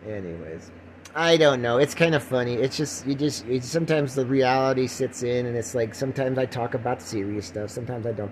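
A man's voice: medium pitch, a little fast, slight background noise, rough recording. Rambling older man on a phone podcast. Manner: rambling, with many restarts and self-corrections. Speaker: podcast host. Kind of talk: casual rambling monologue.

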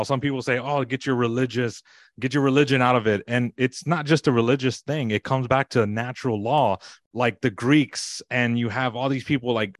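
A man's voice: mid-range voice, no echo, clean studio sound. A man hosting a casual discussion, talking conversationally with frequent fillers. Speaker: host.

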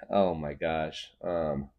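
Low-voiced joking young man. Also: lo-fi sound. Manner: loose, jokey, laughs often. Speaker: podcast host. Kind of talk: rambling comedic monologue.

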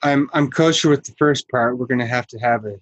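An easygoing man hosting a podcast, chatting casually and laughing often with his guest. His voice sits at a middling pitch. It is recorded dry and close, with no room echo. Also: brisk, fairly bright tone, lo-fi sound. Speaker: podcast host. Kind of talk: casual chat.

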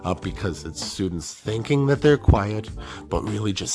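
Animated man telling a classroom story. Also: on the low side, normal speed, soft background music. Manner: animated, self-mocking, acts out the people he quotes. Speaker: teacher.

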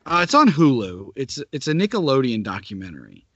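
Man, thirties, mid-pitched voice, relaxed hesitant chat, dry close sound. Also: brisk, no room sound, lo-fi sound. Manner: relaxed, hesitant, trailing off with fillers. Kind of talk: casual chat.

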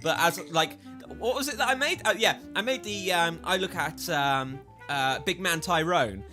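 A man co-hosting a casual podcast chat over a video call, talking loudly, swearing a lot and breaking into laughter. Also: fairly high pitch, expressive, moderate pace, over music. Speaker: podcast co-host. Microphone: foam-covered microphone.

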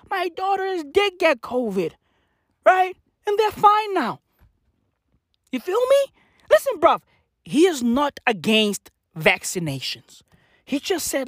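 Young male vlogger, high and lively voice, dry close sound, swearing rant. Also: no echo. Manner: loud, animated, slangy, swears a lot. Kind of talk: profane comic rant.

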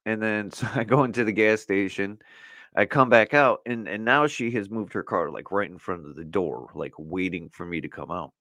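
A man's voice: fairly low pitch, normal speed, a bit bright, no echo, studio quality. A middle-aged man hosting a podcast alone in a loose, rambling chat, full of "you know" and "like". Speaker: podcast host. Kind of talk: casual solo podcast chat. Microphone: camera setup for video recording.

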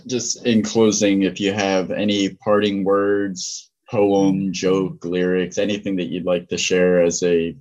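A man co-hosting a podcast, casual and laid-back, asking halting questions and cracking dry jokes. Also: low voice, little pitch movement, a little mellow, highs cut off. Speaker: podcast co-host. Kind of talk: casual interview chat.

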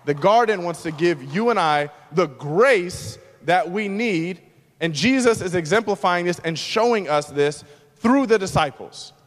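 A man pastor preaching a sermon, moving between loud, emphatic lines and hushed, quiet ones. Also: high-pitched, animated, a little slow, long reverb tail.

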